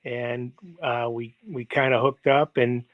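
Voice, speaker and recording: Speaking a little slowly in a mid-range voice with little pitch movement, a US football coach in his seventies rambles through interview stories full of fillers and quoted dialogue he acts out. The audio comes from a video call livestream and sounds dry, narrow and tinny.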